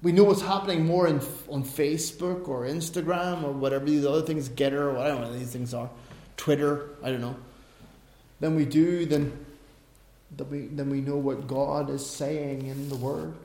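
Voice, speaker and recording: High-voiced man preaching in a roomy hall. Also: fairly even intonation, moderate pace, a little hiss or hum. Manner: swings between quiet asides and loud emphatic stresses; conversational, tells personal anecdotes. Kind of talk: sermon. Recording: roomy echo.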